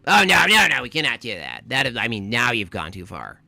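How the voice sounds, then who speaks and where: A man's voice: mid-range voice, wildly swooping pitch, fairly quick, gravelly, bright, forceful tone, dry recording, full character voice. A man putting on the voice of a pompous, preachy conservative pundit, fussing and lecturing in a comedic impression. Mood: indignant. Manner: pompous, scolding, fussy. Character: smug, preachy male conservative pundit, middle-aged.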